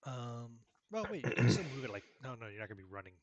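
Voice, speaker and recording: A man's voice: medium pitch, very animated, quick pace, dull audio, a crowd in the background. A man running a tabletop game as game master, talking with frequent fillers and self-corrections.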